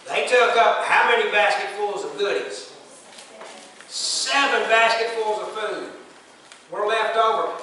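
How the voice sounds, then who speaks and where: Animated pastor preaching. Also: male voice, sits high. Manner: folksy, animated, acts out quoted voices. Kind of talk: sermon. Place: church sanctuary. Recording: echoey room, far from the mic, faint noise.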